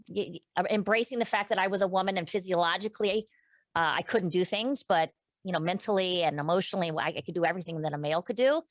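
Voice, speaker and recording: A woman's voice: fairly low pitch, no room sound. Candid emotional woman, dry sound. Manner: candid, emotional, many restarts and fillers. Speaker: podcast guest. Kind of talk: casual interview chat.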